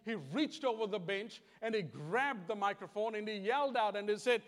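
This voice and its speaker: High-voiced Kiwi preacher in a reverberant hall. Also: male voice, normal speed, few pauses. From New Zealand. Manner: earnest, repetitive, plain-spoken. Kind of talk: conversational sermon.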